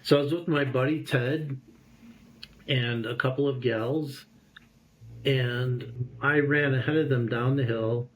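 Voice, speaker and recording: A man in his fifties, a guest telling a personal story in an interview, lively and acting out the voices he remembers. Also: mid-range voice, slow pace, pauses often, slight background noise. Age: 50s.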